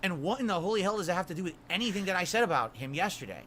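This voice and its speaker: A man with a high-pitched voice answering criticism in a clip, defensive and full of rhetorical questions. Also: big pitch swings, racing, fairly bright tone, slight background noise. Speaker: streamer in a played clip. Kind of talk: defensive monologue to camera.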